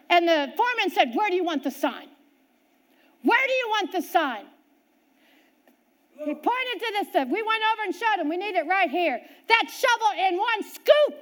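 Here a middle-aged woman preacher, her pitch extremely high, tells a personal story as part of a sermon. She moves animatedly between loud moments and quiet ones.

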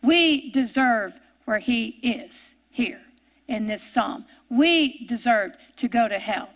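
A woman preaching a sermon, slow and emphatic, rising to an impassioned reading of scripture. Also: fairly high pitch, animated.

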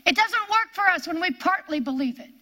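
Older lady preaching hard, high bright voice, hammers the same phrases over and over. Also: lively intonation. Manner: emphatic, repeats key phrases, drawn-out stresses. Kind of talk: sermon.

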